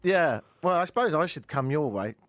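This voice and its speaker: A man's voice: a little high, lively intonation, moderate pace, dry recording. A man from England hosting a comedic talk radio show, joking and sarcastic as he banters and tells news stories. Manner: joking, sarcastic, laughs at his own lines. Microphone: studio microphone.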